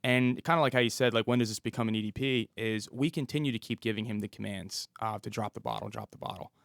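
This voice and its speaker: A man in his thirties tells a story from his work as a police officer, slipping into the voices of the people in it. His voice has a gravelly, creaky edge and is recorded close and dry, with no room sound. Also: on the low side, fast, no echo. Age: 30s. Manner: vivid storyteller who acts out the dialogue. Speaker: police officer, podcast guest. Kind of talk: storytelling interview.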